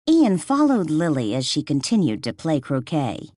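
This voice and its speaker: Woman audiobook narrator, low voice, lively swinging pitch, dry close recording. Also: normal speed, hardly any pauses, dry recording. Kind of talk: scripted narration.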